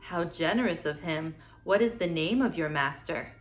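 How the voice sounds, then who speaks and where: A woman's voice: deep voice, moderate pace, soft background music, close to an everyday voice. A woman playing a greedy, pleased old king. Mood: regal.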